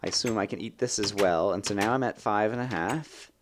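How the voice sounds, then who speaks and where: A young man hosting a let's play, chatting and thinking aloud as he plays, with sudden bursts of excitement. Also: on the low side, brisk, noisy background. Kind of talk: gameplay commentary.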